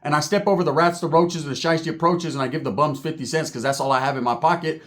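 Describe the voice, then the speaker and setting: A man's voice: fairly high pitch, quick pace, fairly bright tone. A man telling a comic story from his own life in profane, streetwise talk, checking in with "right?" again and again.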